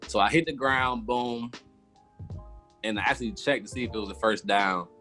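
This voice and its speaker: A former football player, appearing as a podcast guest, casually tells a long story and acts out how he reacted back then. His medium-pitched voice comes at normal speed, pushed and bright, with soft music playing in the background.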